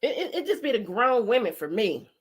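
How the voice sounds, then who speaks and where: A woman's voice: fairly high pitch, big pitch swings, a little fast, slightly rough. A woman hosting a livestream, ranting bluntly and profanely in a rambling way. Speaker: host. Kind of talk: heated livestream commentary.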